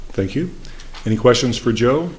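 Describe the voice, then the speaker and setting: A man's voice: medium pitch, lively intonation, darkish tone, slight background noise. A man serving as mayor, chairing a city council meeting in a formal, procedural way, speaking into a desk microphone in the council chamber. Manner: brisk, procedural, with frequent fillers.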